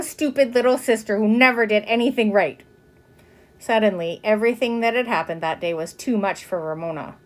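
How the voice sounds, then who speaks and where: A woman reading a children's chapter book aloud, with expressive narration. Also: mid-range voice. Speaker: reader. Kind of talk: storybook narration.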